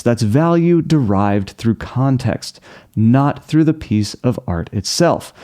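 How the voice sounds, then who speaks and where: Guy hosting a scripted explainer, mellow darkish voice, dry sarcastic asides. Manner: wry, sarcastic asides with sudden jumps in pitch. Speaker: host.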